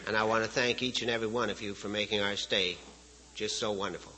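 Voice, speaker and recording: A man's voice: fairly low pitch, fairly even intonation, fast talker, pushed and bright, poor audio. A man from Saskatchewan, giving a speech as a guest speaker in a folksy, joking way and chuckling at his own stories. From Canada, Saskatchewan. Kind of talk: storytelling speech to an audience.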